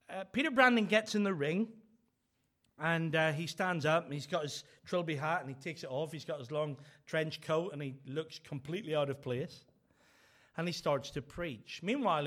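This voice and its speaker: A man's voice: fairly high pitch, fairly bright tone. A man preaching a sermon, telling stories and acting out the voices he quotes.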